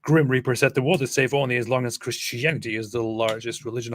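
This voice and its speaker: A man co-hosting a casual livestream, reading out viewer chats and talking in a hesitant, soft-spoken way with frequent chuckles. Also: medium pitch, flat delivery, fast talker.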